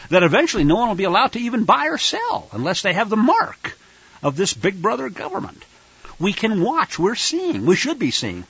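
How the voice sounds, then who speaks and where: A man's voice: high-pitched, fairly bright tone, husky, no room sound, muffled recording. A man preaching in an emphatic, sarcastic style with digressions. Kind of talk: sermon-style commentary.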